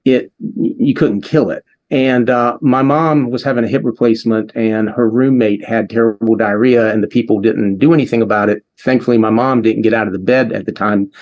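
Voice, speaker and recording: A man guest in an interview, earnestly telling a long personal story with halting restarts. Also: mid-range voice, fairly even intonation, darkish tone. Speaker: interview guest, device developer.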